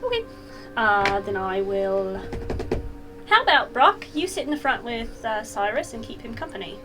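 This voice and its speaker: A woman's voice: fairly high pitch, sing-song, normal speed, over music, poor audio. A woman narrating a tabletop game as game master, giggly and full of fillers.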